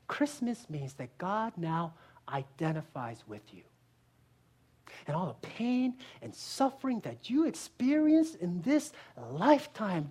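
A woman pastor giving a sermon, earnest, asking rhetorical questions and moving between strong emphasis and quiet, hushed lines. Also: mid-range voice, breathy edge.

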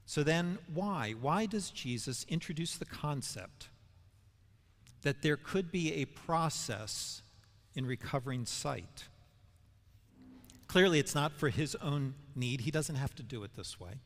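A man's voice: a little high, a bit bright. A man giving a Bible teaching sermon, asking questions and building to emphatic peaks. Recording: long hall reverb.

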